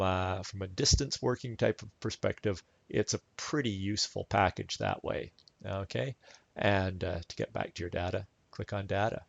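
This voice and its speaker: A man giving a relaxed, chatty step-by-step software tutorial over a screen recording. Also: low-pitched, gravelly, no echo, dull audio. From Canada. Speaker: instructor.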